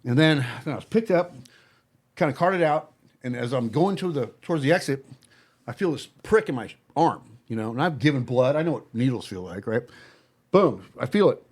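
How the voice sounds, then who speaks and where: A man telling a personal story to friends in casual talk, blunt and profane, halting often with fillers and restarts. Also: mid-range voice, expressive, darkish tone. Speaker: podcast guest telling his story.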